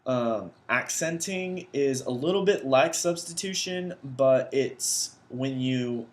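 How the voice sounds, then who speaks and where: A young man talks through vocabulary terms for a class assignment, at a middle pitch. He explains casually and thinks aloud as he goes, recorded indoors at his computer. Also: slow. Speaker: education student presenting vocabulary.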